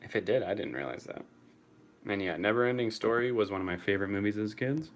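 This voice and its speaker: Low-voiced young man chatting casually. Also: expressive, quick pace, slight background noise. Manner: chatty, swears freely, laughs often. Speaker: streamer answering chat. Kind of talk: casual live chat.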